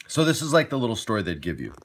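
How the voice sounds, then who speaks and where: A man hosting a casual video about a tabletop game, laid-back and joking, with plenty of "like" and "uh". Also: medium pitch. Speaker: host and game master.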